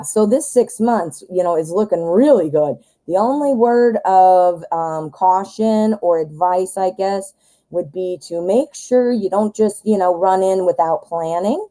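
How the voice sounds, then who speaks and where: An American woman hosting a live tarot reading stream, chatty and talking straight to her viewers, her voice going hoarse. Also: fairly low pitch, dark tone, rough recording. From United States. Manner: chatty, talks directly to viewers. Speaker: tarot reader host.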